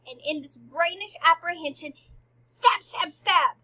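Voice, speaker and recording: A woman reading the lines of a distraught, frightened queen mother in a loud, emphatic voice. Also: high-pitched, measured pace, breathy edge, heavily acted, low-quality recording.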